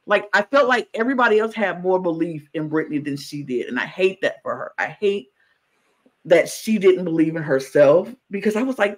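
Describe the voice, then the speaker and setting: A man co-hosting a podcast in casual chat, talking in an animated way and acting out other people's words. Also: fairly quick, rough recording. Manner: animated, acts out quotes in high exaggerated voices. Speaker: podcast co-host.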